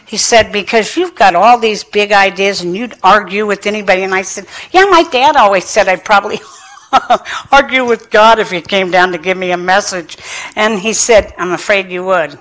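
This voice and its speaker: A woman's voice: medium pitch, moderate pace. A woman speaking at a lecture, telling her own recovery story with self-mocking humor and acting out the people in it. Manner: animated storytelling, acting out quoted dialogue. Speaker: addiction specialist speaker.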